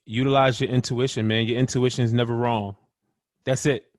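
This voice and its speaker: A man as an interview guest, telling stories in an animated, upbeat way. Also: medium pitch, brisk, no room sound, studio quality. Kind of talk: casual interview chat.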